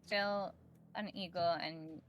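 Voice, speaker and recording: A woman playing a tabletop game, asking quick rules questions. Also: on the low side, fairly even intonation, fairly bright tone. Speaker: player.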